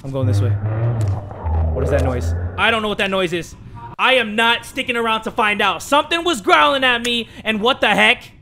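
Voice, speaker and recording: A young man plays through a horror game at home, commentating into a desk mic. His voice sits high and bright, and he keeps joking even while he is scared. He swings from hushed muttering to sudden shouts. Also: normal speed, slight background noise. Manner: excitable, jokey, swings between hushed and shouting. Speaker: gaming commentator.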